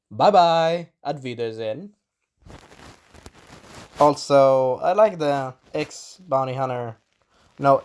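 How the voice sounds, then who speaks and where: Rambling man clearing his throat. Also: mid-range voice, darkish tone. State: irritated throat. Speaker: show reviewer. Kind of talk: casual spoken episode review.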